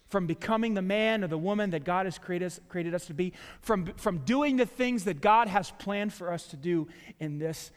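Middle-aged male pastor, high voice, storytelling sermon, joking asides, long hall echo. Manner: animated storytelling with self-deprecating asides and restarts. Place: church sanctuary.

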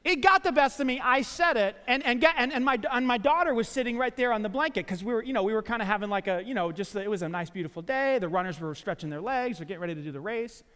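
Middle-aged male pastor, high voice, storytelling sermon, joking asides, long hall echo. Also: fast talker, few pauses, clear, resonant tone. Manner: animated storytelling with self-deprecating asides and restarts. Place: church sanctuary.

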